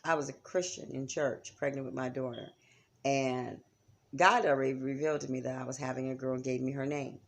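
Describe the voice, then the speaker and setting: A woman's voice: a bass voice, steady tone, brisk. A woman giving a chatty, casual lesson on spiritual practice, often checking in with her listeners. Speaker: psychic teacher. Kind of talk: casual instructional talk.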